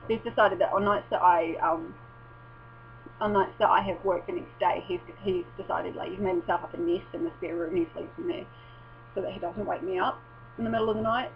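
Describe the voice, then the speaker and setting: In a dull lo-fi recording with mains hum, a woman vlogs from home in casual chat, rambling and sweary, often interrupting herself mid-sentence. She talks fairly quickly in a lowish voice with a steady tone.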